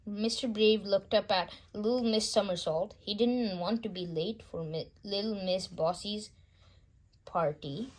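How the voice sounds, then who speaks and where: Slow-reading woman storyteller. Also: medium pitch, slight background noise. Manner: slow, gentle reading with small slips. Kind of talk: children's bedtime story read-aloud.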